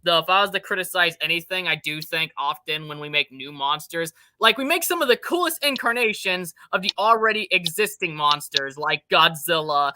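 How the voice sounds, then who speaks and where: A man's voice: fairly high pitch, pushed and bright, dry recording. A young man hosting a casual podcast chat, rambling enthusiastically and swearing casually. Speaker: podcast host.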